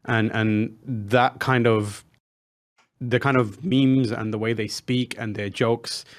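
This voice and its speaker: A man's voice: mid-range voice, fairly even intonation, slow pace. A man co-hosting a podcast, talking in an earnest, thoughtful way with frequent restarts. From outside America. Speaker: podcast co-host. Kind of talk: casual chat.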